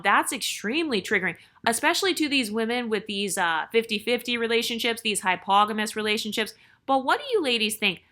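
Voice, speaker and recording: Woman, channel host, bright clear voice, casual chatty delivery, reading viewer letter. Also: medium pitch. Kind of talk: reading a viewer's story and commenting.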